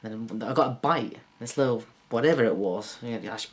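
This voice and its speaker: A man doing a rambling, crude, self-mocking stand-up monologue to camera, jumping into silly high put-on voices. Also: fairly quick. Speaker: comedian.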